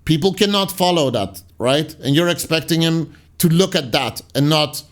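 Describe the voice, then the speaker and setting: A man reading viewer comments off the screen and arguing with them in a casual, rambling way. His voice sits a little higher than most men's. Sarcastic asides often sink into low mutters. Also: moderate pace. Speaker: commentary channel host.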